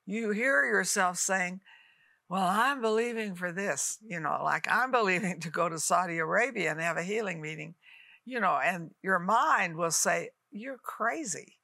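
A woman in her eighties, a TV minister, teaching and praying with fervent, exhorting delivery and sudden rises in pitch. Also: moderate pace, vocal fry, pushed and bright, no echo, clean studio sound. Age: 80s. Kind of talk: televised ministry teaching and prayer.

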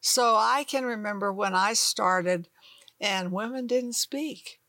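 Slow, gravelly older woman Bible teacher. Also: mid-range voice, sharp tone, no room sound. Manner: folksy and emphatic, acts out doubters' voices. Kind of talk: sermon-style Bible teaching.

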